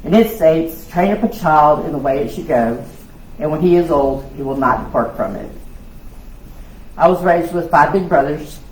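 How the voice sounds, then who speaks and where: A woman, giving a loud, lively personal testimony at a women's conference. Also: low voice, moderate pace. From South Louisiana. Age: 60s. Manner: loud, lively storytelling with laughs and acted-out voices. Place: church hall. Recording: echoey hall with faint noise.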